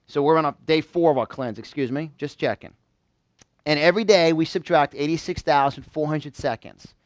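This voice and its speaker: High-energy motivational speaker man. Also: normal speed, no room sound. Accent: New York. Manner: energetic, quizzes the audience with call-and-response. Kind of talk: live seminar talk. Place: seminar room with a small live audience.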